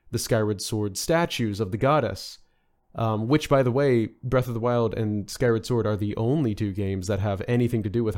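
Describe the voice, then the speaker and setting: A man's voice: medium pitch, a little mellow. A man chatting as a podcast guest, rambling with many fillers and restarts. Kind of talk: casual podcast discussion.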